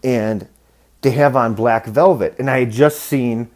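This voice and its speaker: A man's voice: mid-range voice, a little slow, a little mellow. Profane rambling man telling stories. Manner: profane, rambling, acts out quoted voices. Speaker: podcast host. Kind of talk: casual storytelling monologue.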